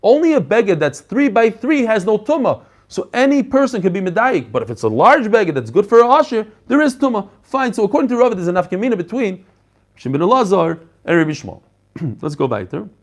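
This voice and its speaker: A middle-aged man gives a spirited daily Talmud class. His voice sits high for a man, and he keeps the lesson conversational, addressing his listeners and switching freely into Hebrew and Yiddish words. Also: brisk. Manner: animated, mixes English with Hebrew and Yiddish terms, talks to listeners directly. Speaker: rabbi teaching a daily Talmud page. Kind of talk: lively Talmud class lecture.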